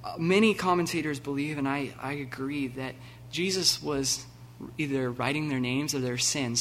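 A man preaching a sermon, animated and laughing, acting out the scenes with sudden loud bursts. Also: mid-range voice, moderate pace, few pauses, slight background noise. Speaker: pastor.

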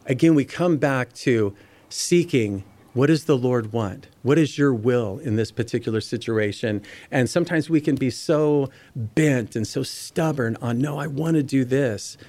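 A man's voice: medium pitch, unhurried, darkish tone, dry recording. A man preaching a Bible teaching sermon. He reads passages aloud and explains them in a conversational way, speaking directly to his listeners. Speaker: pastor.

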